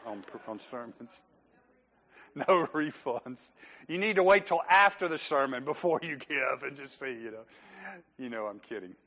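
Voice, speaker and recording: A man's voice: fairly high pitch, fairly bright tone, lo-fi sound. A man preaching a sermon as pastor, talking conversationally, joking with the congregation and acting out quoted lines.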